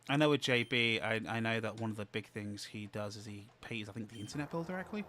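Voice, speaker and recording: Bright-voiced man chatting casually. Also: on the low side, fast. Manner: rambling, calm, self-correcting. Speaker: streamer co-host. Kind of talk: casual chat.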